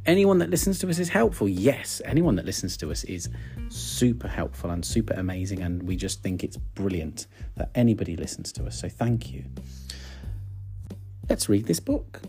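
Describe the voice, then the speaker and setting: A dad reads a bedtime picture book aloud, playful and encouraging, with a lively voice. Faint music plays behind him at home. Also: male voice, sits low, moderate pace, vocal fry. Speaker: dad reading stories with his daughter.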